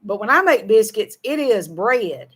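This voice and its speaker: Very animated, with a breathy edge to her medium-pitched voice, she speaks at a measured pace. She's a middle-aged woman from the Southern United States co-hosting a show, casually reading viewer comments in a folksy manner, laughing often and running words together.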